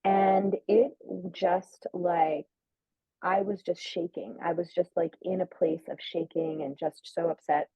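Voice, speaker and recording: A woman's voice: lowish voice, fairly even intonation, a little slow, no room sound. A woman telling a personal story in casual chat, full of "like" and acting out quoted lines. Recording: narrow phone-like sound, dry.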